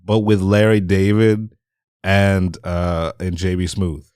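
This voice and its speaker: A man co-hosting a casual podcast chat, relaxed and joking, swearing freely. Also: deep voice, slow pace, smooth, no room sound, clean studio sound. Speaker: podcast co-host.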